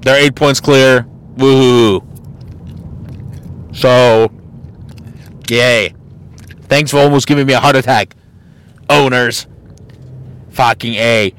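A man's voice: mid-range voice, fairly even intonation, takes it slowly, long pauses, a bit bright, smooth. A man hosting a casual solo podcast, ranting bluntly and mockingly with plenty of swearing. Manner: mocking and exasperated. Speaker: podcast host.

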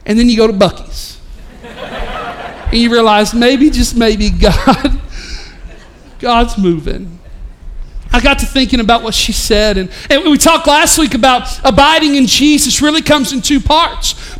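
A man preaching a sermon in a church, shifting from hushed prayer to loud proclamation and folksy stories with many restarts. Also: extremely high pitch, animated, normal speed, rough recording. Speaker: pastor. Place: church sanctuary.

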